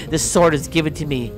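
Guy doing silly villain trash talk over his game, slow and drawn out, big swoops in pitch. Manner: theatrical, taunting, with mock-archaic phrasing and sound effects. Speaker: gameplay commentator. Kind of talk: playful gameplay commentary with mock-villain talk.

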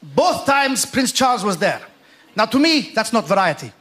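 A man's voice: high-pitched, sing-song, moderate pace. A man from Iran doing a chatty, self-mocking stand-up routine with punchy delivery. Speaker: stand-up comedian. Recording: loud live crowd and noise on stage.

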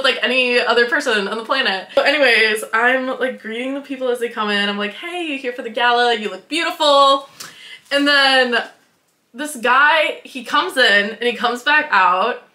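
Bubbly young woman, bright and echoey. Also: a little high. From Wisconsin, USA. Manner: bubbly, giggly, full of "like" and quoted dialogue. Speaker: vlogger. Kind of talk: casual storytelling.

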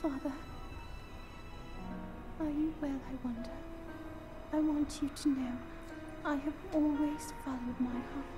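A woman voicing a gentle young fish-folk princess in a game cutscene, speaking softly and hushed. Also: high voice, steady tone, takes it slowly, pauses often, music in the background. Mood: tender, wistful. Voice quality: soft, hushed.

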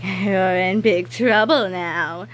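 A woman's voice: medium pitch, steady tone, moderate pace, a bit bright, slight background noise, natural voice. A woman voicing a smug female teacher who gloats with a chuckle. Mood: gloating.

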